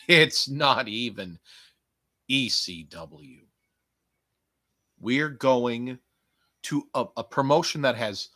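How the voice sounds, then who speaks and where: A man hosting a casual review podcast, his voice bright and bouncing widely in pitch. He rambles and jokes, swears freely and breaks into playful outbursts. The sound is close and dry. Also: dry recording. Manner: rambling, jokey, profane, with playful bursts. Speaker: podcast host.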